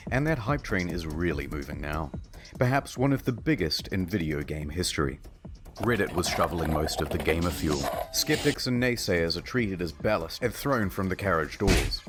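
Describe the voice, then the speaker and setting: A man giving dry, wry scripted comedic narration for an internet documentary, with sudden jokes. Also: low voice. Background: background music.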